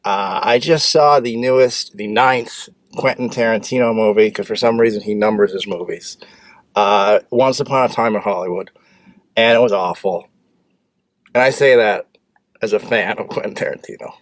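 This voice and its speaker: A man's voice: fairly low pitch, moderate pace, no room sound. A man hosting his own film review show, talking casually and bluntly, rambling with restarts and sudden bursts of speed. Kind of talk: casual opinionated movie review.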